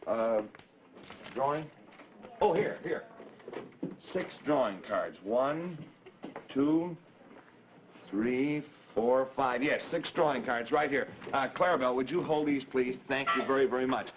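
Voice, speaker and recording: A man hosts a live 1950s children's TV show, cheerfully talking with kids in the audience. His medium-pitched voice moves at a measured pace with long pauses, heard through a dull old broadcast recording with faint hiss.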